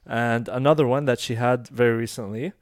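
A man's voice: fairly quick, no echo, clean studio sound. A man hosting a podcast, telling a story in casual chat and acting out the people in it. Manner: animated, acts out quoted voices in high pitch. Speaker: podcast host.

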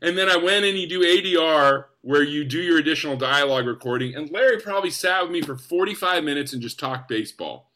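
A young man from the United States, an actor guest, telling stories in an enthusiastic, animated way. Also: on the high side, fast talker, hardly any pauses. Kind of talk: casual storytelling.

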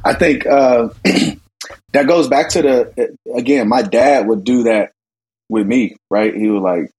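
A man talking as a podcast guest, telling relaxed stories full of restarts and laughs. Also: mid-range voice, a little slow, slightly rough, low-quality recording. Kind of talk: casual conversation.

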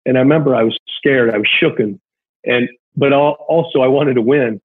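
Husky guy on a tinny phone line, rambling emotional story, lots of ums and likes. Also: mid-range voice, fairly quick. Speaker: guest, former big-league pitcher. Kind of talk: casual storytelling chat.

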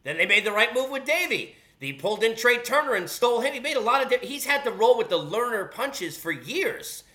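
A man's voice: very high voice, sing-song, fairly quick, pushed and bright. A man hosting a sports talk show, ranting in a heated, sarcastic way full of rhetorical questions. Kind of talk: animated sports commentary rant.

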